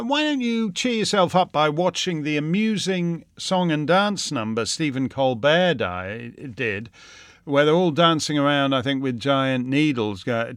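A man hosting a show, answering listener questions in a sardonic monologue that climbs into loud, mocking indignation. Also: on the high side, dry recording, studio quality. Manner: sings wordless tunes to mock.

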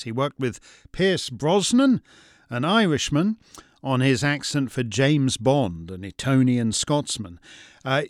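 A man hosting scripted commentary in a measured, dryly witty way. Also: fairly high pitch, no echo, clean studio sound. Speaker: commentary host.

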